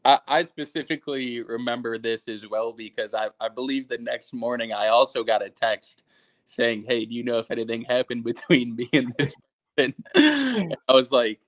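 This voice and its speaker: A man's voice: mid-range voice, animated, normal speed, dry recording. A young adult man, a podcast guest, recalling a story in a hesitant way with many fillers and small laughs. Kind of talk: casual chat.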